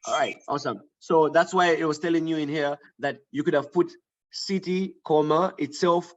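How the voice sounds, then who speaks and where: A man with a slightly high voice teaches writing in an online grammar lesson at a moderate pace, over dull-sounding audio. He reasons aloud with fillers and restarts, regularly pausing to check in with his class.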